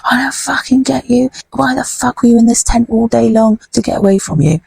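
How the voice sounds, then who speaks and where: Nasal, weaselly thug, pitched up with a rough rasp, as a woman puts him on. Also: brisk, darkish tone, no echo, full character voice. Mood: snarling. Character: nasal, weaselly, abusive grown man.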